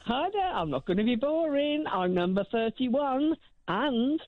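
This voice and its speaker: A woman's voice: high voice, sing-song, unhurried, dry recording. An older woman calling into a radio show, cheery and playful. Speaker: caller. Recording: phone line.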